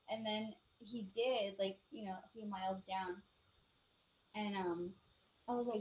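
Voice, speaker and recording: A woman from the Navajo Nation, co-hosting a live show and telling ghost stories in a casual, animated way, acting out the voices of the people in them. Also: medium pitch, normal speed, a little hiss or hum, low-quality recording. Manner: animated storyteller, acts out quoted voices, many "like" fillers. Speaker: podcast co-host. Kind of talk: casual storytelling chat.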